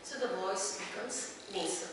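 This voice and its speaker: A woman's voice: medium pitch, unhurried. Woman lecturing in an echoey hall. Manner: explains step by step, asks the audience questions. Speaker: guest speaker, voice trainer. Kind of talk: lecture with demonstrations. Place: large echoey meeting hall. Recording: echoey hall from far off, steady noise.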